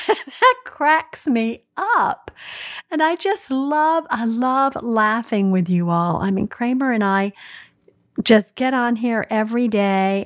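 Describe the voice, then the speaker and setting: Slow-talking middle-aged woman podcaster. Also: fairly high pitch, no echo, studio quality. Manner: slow, chatty storytelling with frequent laughs. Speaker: podcast co-host. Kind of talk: solo pep talk monologue.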